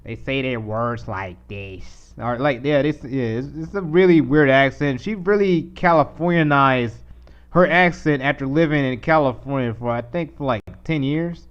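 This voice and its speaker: A man's voice: medium pitch, moderate pace, smooth, lo-fi sound. A man hosting a live stream, commenting in a rambling, casual way over a clip he plays. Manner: rambling, restarts, mocking put-on voices. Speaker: live stream host reacting to videos.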